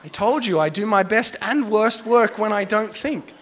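High-voiced animated young preacher. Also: male voice, normal speed, noisy background. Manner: animated, self-mocking storyteller. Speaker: pastor. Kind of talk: storytelling sermon.

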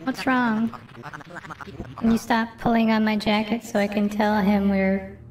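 A woman's voice: medium pitch, level tone, measured pace, darkish tone, recorded from a distance, lightly acted. A woman voicing a flustered, folksy game character hosting a housewarming party. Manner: exclaiming, folksy.

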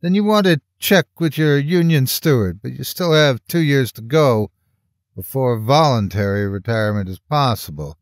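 A man voicing a gruff, blustery older police chief who talks in a pushy, bargaining way, in a horror storybook reading. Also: mid-range voice, animated, moderate pace, dry recording, clean studio sound, close to an everyday voice.

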